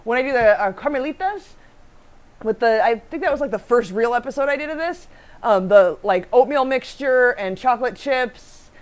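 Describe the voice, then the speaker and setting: A woman's voice: on the high side, animated, normal speed. A woman hosting a casual baking livestream, chatting with her co-host, reading viewer comments aloud and laughing often.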